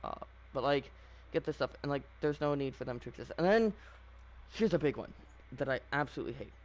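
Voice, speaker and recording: A gaming channel host offers casual, opinionated commentary on a video game, rambling with lots of fillers and restarts. His voice is medium-pitched, expressive, and brisk.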